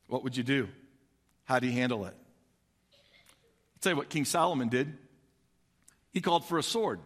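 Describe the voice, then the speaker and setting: Animated male preacher, high bright voice, casual storytelling sermon. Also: fairly quick, long pauses, big-room sound. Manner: animated, conversational, swings loud and soft.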